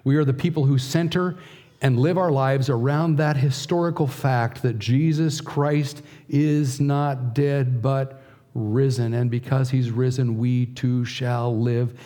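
Middle-aged guy preaching, warm low-key tone, earnest, slows way down and goes hushed. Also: fairly even intonation. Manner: earnest, slow emphatic delivery with soft, hushed passages. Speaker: pastor. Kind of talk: sermon.

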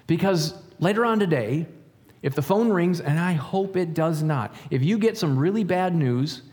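Male pastor, conversational sermon delivery, slightly high voice. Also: animated, normal speed, a little mellow, big-room sound. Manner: conversational, asks rhetorical questions; acts out stories in quoted voices.

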